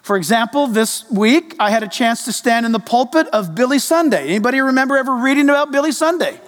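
High voiced pastor guy preaching, lively, talks right at the crowd, long echo in the church. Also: quick pace. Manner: animated, addresses congregation directly. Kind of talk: sermon. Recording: echoey reverb of a large hall.

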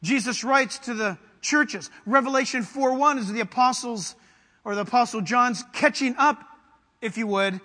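A man preaching with fervent, emphatic energy, his voice pitched very high and ringing bright. He puts questions to the congregation as he teaches. The sound carries a long reverb from a church sanctuary. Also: moderate pace. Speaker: pastor. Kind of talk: sermon.

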